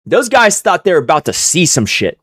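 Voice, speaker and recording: A man's voice: a little high, fairly quick, slightly rough, no echo, clean studio sound. A young man streaming live, telling a story in a casual, profane way and acting out what others said. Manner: animated, profane, acts out quoted voices.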